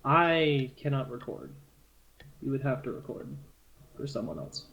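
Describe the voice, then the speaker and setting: A man's voice: mid-range voice, very animated, a little slow, vocal fry, a bit bright, highs cut off, slight background noise. Playful man with a Southern accent. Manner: playful, laughing. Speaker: player. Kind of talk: casual voice chat.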